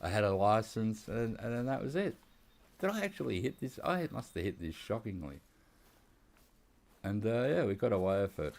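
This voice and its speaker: A man's voice: on the low side, big pitch swings, moderate pace, gravelly, a little mellow. A man with an Australian accent telling rambling, laughing stories while he plays a hunting game. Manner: rambling anecdotes with laughs and quoted dialogue. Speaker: gaming YouTuber. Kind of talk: casual storytelling while playing a hunting game.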